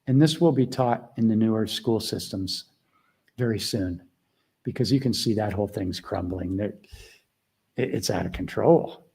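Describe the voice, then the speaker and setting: A middle-aged man mentoring a group on a video call, talking earnestly and casually, shifting between quiet asides and emphatic points. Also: fairly low pitch, normal speed, gravelly, slightly rough. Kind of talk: casual teaching talk.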